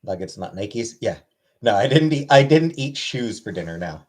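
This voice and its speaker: This laid-back livestreamer names viewers one after another and gives offhand, dry answers to their messages. His voice sits on the low side, slightly mellow, with big pitch swings at a moderate pace.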